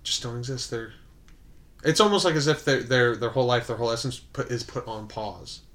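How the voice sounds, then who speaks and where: A man co-hosting a casual podcast chat, animated and playful, laughing often and teasing his friends. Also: mid-range voice, a little fast. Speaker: podcast co-host.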